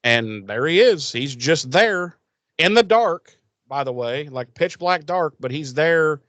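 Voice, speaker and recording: Profane animated man recapping an episode. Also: fairly high pitch, slow, no room sound. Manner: profane, animated, acts out quoted lines. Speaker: podcast co-host. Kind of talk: casual episode recap chat.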